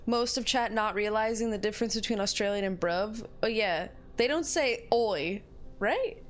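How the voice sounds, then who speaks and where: A woman's voice: mid-range voice, normal speed. A young woman streaming a game, joking and bantering with her chat. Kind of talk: casual gameplay chat.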